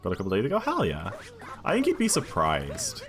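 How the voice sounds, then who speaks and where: A man's voice: sits low, huge pitch swings, fairly quick, faint music behind. A British man streaming a video game, chatting casually and thinking aloud while answering viewers' questions. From United Kingdom.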